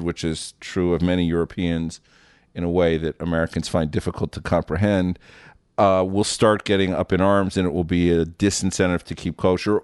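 Deep, smooth male commentator. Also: darkish tone, no echo, clean studio sound. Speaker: guest commentator. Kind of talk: measured spoken commentary.

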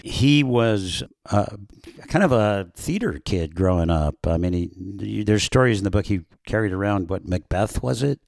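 A man's voice: fairly low pitch, animated, moderate pace, creaky, darkish tone, no echo, clean studio sound. A man interviewing an author, asking conversational questions and giving short reactions.

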